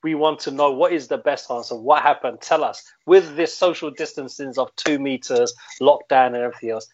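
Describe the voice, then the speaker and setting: A man's voice: medium pitch, a little fast. A man co-hosting a casual live-stream chat, rambling with many hesitant fillers. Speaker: co-host. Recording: dull, muffled audio.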